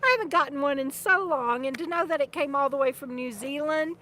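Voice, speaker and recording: An older woman talks in a rambling, meandering way on a casual live stream, her voice a little high. She keeps restarting her thoughts and breaks off now and then to talk to her dog. A faint hiss sits under the voice. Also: a little fast, pushed and bright. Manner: speaks to her dog between remarks. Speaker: vlogger and author.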